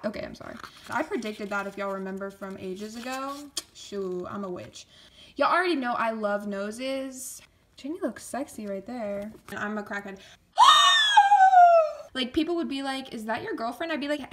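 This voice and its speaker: A young woman, vlogging an excited unboxing reaction, giddy and exaggerated, mumbling one moment and squealing the next. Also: mid-range voice, heavy background noise. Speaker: K-pop fan vlogger.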